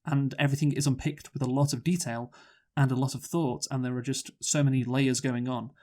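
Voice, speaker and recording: A man co-hosting a film review podcast, speaking in a measured, thoughtful way with frequent hedges. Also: medium pitch, level tone, warm tone. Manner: thoughtful, measured, hedging with "you know". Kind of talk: casual film review chat.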